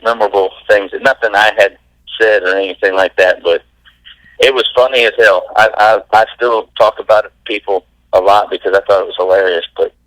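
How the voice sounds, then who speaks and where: A man, a former baseball pitcher, telling stories as a guest in a casual interview, laid-back and laughing as he goes. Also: steady tone, a little fast, fairly bright tone, no echo, rough recording.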